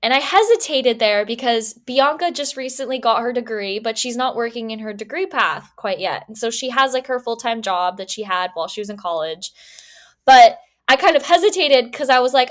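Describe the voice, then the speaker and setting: Animated young woman telling a story. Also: on the high side, brisk. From Phoenix, US. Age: young adult. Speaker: podcast co-host. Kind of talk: casual storytelling chat.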